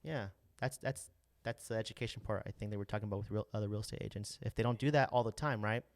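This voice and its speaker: A man's voice: on the low side, fast talker, no room sound, studio quality. A man hosting a casual podcast as a real estate agent, talking loosely with many restarts and tag questions. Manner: loose, rambling, lots of restarts and "right?".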